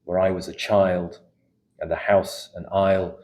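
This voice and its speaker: A middle-aged man from England, a poet reading his poems in a café with an unhurried, measured delivery and hesitant spoken asides between them. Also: deep voice, little pitch movement, darkish tone, slight background noise. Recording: echoey room recording.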